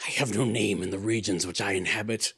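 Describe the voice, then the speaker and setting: A man's voice: lowish voice, vocal fry, husky, exaggerated voice. A man voicing a mournful, gibbering fiend. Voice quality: gibbering, shuddering voice. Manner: slow, grave and lamenting, with sudden loud outbursts. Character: mournful tormented male fiend, once mortal. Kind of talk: dramatic story reading.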